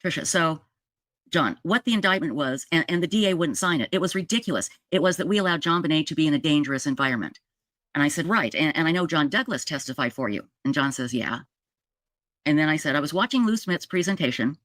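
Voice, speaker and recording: A woman's voice: deep voice, expressive, fast talker, a bit bright, no room sound, studio quality. A middle-aged woman telling a story in a monologue, acting out the quoted dialogue with lots of animation. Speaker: true crime podcaster.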